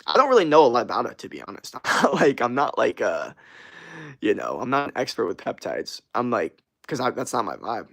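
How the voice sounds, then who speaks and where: A man's voice: medium pitch, wildly swooping pitch, a little fast, gravelly, fairly bright tone. Young male streamer; casual, rambling, swears a lot, slangy. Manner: rambling, profane, slangy, laughs often. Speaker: streamer answering chat. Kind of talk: casual livestream chat.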